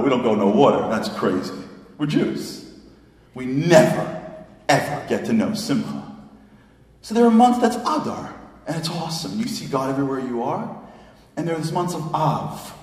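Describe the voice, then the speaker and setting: A middle-aged man giving a lively storytelling lecture, emotional and self-mocking, full of casual fillers. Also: lowish voice. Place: synagogue hall. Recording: echoey hall from far off.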